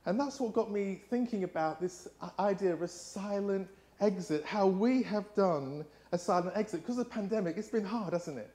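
A middle-aged preacher with an English accent, delivering a sermon in a fairly high-pitched voice. He tells stories easily, often restarting and filling gaps with ums as he goes. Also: moderate pace, few pauses. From England. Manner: warm storytelling with frequent fillers and restarts. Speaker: guest preacher.

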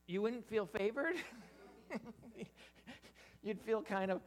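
A preacher giving an interactive Bible sermon, animated, often stammering and restarting while putting questions to the listeners. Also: mid-range voice, takes it slowly. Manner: animated, quizzes the audience.

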